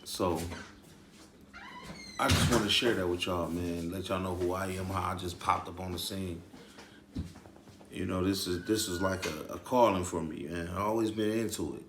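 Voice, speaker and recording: A man's voice: low voice, steady tone, moderate pace, long pauses, background noise. Slangy, swearing man with an echoey sound. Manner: loose, slangy, says "man" often, swears. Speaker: storyteller vlogger. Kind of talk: casual storytelling to camera.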